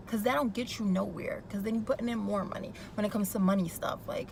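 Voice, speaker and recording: A woman's voice: medium pitch, steady tone, fast talker, vocal fry, hardly any pauses, background noise. A young woman casually recapping a TV episode, gossipy and opinionated, with chatty asides. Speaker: YouTube recap vlogger.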